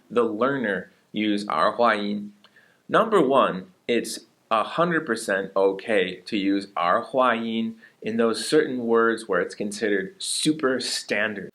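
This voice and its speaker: Lower-voiced man teaching Mandarin words. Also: fairly bright tone. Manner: explains steadily, models Mandarin words with slow repeated examples. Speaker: Chinese teacher. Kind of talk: casual video lesson.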